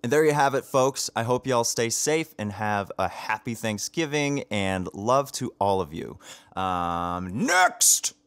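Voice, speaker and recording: A man with a fairly low voice chats eagerly in a casual video message, dropping ums and small laughs as he goes. The sound is dry and close, with no room echo. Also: measured pace, clean tone. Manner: chatty, enthusiastic, with frequent ums and laughs. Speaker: voice actor.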